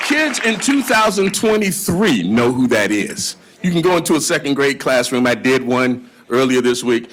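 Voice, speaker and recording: At a live event, a man with a mid-range, sing-song voice talks at a moderate pace with hardly any pauses over crowd noise. He's a blues historian and guitarist, spinning folksy stories and drawling into song as a guitar plays.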